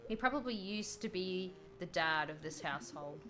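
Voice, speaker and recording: A woman's voice: lowish voice, lively intonation, normal speed. Playful young woman streamer. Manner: playful, reads game text aloud with quips. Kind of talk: casual game playthrough commentary.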